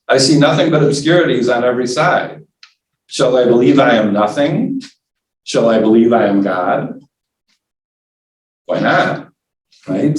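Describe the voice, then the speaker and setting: A man with a medium-pitched voice, recorded from a distance and off mic, teaches a forum class in a church meeting room, where the space sounds roomy. He keeps it conversational, often checking in with "right?" and acting out inner voices.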